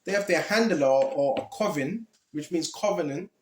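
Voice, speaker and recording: Impassioned man preaching casually with street slang, high-pitched, recorded in a roomy, echoing space. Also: expressive, moderate pace, darkish tone, slight background noise. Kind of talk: informal preaching.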